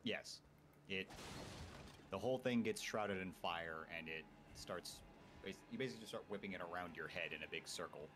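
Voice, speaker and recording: Deep voiced guy gaming, talks quick, noisy mic. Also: a bit bright. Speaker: gamer. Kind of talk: casual co-op gaming chat.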